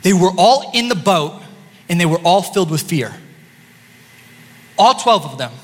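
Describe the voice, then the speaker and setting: A man preaching a sermon as pastor, lively and joking with his congregation. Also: sits high, unhurried. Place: church sanctuary. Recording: long church-hall reverb.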